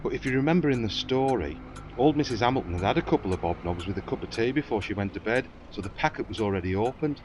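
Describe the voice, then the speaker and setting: A man's voice: lowish voice, expressive, noisy background. A man with a Northern English accent, teasing and quizzing a storyteller in comic banter. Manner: teasing, quick with questions.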